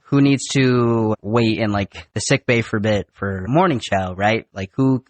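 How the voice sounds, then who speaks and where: A man's voice: lowish voice, a little slow, no room sound. Young man, profane storyteller, casual podcast chat, dry studio sound. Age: young adult. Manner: animated, profane, acts out drill instructors. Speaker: recent Marine recruit guest.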